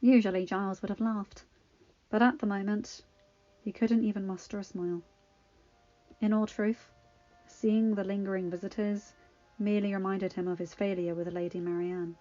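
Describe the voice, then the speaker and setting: A woman reading fanfiction aloud in a measured, expressive narration. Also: mid-range voice. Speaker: fanfiction reader. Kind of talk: audiobook-style story reading. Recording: dull lo-fi recording. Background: faint music.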